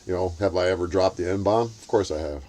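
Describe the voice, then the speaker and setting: Talking briskly in a slightly mellow voice, a man relays a heated, swear-filled story in casual chat. He plays out the others' lines in a shrill voice.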